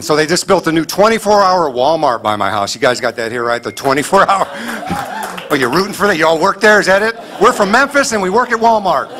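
A man performing a stand-up comedy set to a live audience, punchy and loud, acting out little bits of dialogue. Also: a little high. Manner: loud, punchy delivery with voiced bits and asides. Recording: live show with crowd noise. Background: audience laughter.

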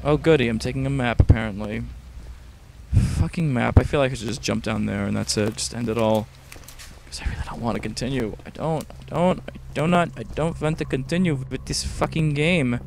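A man's voice: medium pitch, brisk, gravelly, soft background music. A young man hosting a gaming video, rambling casually, exasperated and swearing a lot. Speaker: host.

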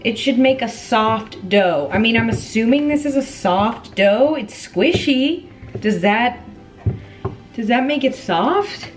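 A woman's voice: a little high, expressive, slow, faint music behind. Chatty, self-mocking woman vlogger. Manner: chatty, joking, laughs often at herself. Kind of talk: casual baking vlog chat. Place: home kitchen.

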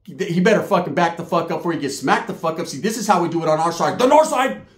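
A man's voice: on the high side, expressive, fast talker. Streetwise man telling a profane story. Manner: profane, streetwise, acts out voices. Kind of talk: comedic storytelling monologue. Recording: echoey room.

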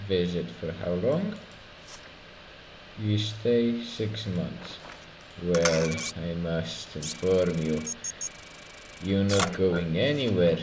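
A man with a Polish accent voicing a curt, stern male border inspector in clipped, broken English. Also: deep voice. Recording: roomy with background noise.

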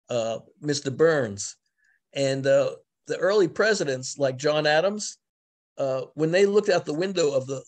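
Guy historian doing an online book talk, stops and restarts a lot, video call sound. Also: on the high side. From the Bronx, New York. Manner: halting, many restarts and fillers. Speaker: author and historian.

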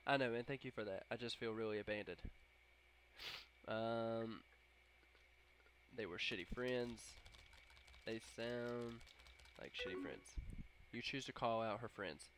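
A young man doing let's play commentary, with excitable, jokey and profane reactions. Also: mid-range voice, a little slow, pauses often, background noise. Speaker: gameplay commentator.

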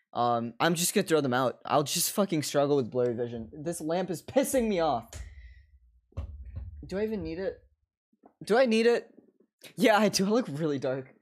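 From a desk at home, a young live streamer chats casually with his audience, his pitch jumping up and down with lively energy. He rambles along, swearing constantly, laughing often and slipping in and out of put-on accents.

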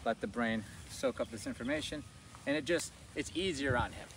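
A man's voice: medium pitch, huge pitch swings, moderate pace, creaky. Man swinging into sing-song dog praise. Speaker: dog trainer. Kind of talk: coaching a dog outdoors while explaining. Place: outdoors in a rural field. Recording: distant mic with loud outdoor noise.

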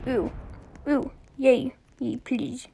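A woman giving casual gameplay commentary, excitable, often shrieking and giggling as she plays. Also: high-pitched, very slow, vocal fry, slightly rough.

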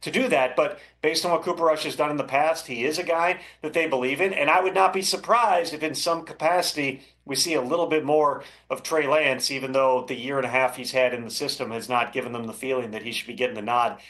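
A man working as a football insider, giving measured, thoughtful analysis as an interview guest, with frequent fillers. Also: medium pitch, steady tone, fairly bright tone. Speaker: NFL insider.

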